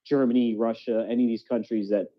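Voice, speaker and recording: A man chatting casually on a podcast, his talk loose and rambling, circling back with "you know what I mean". The audio is somewhat dull and lo-fi. His voice sits at an ordinary middle pitch. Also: little pitch movement, fast. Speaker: podcast co-host. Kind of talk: casual chat.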